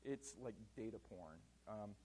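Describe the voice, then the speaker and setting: A man giving a casual conference talk in a hall, animated and self-deprecating, with plenty of fillers. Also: lowish voice, measured pace, a little hiss or hum. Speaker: conference speaker.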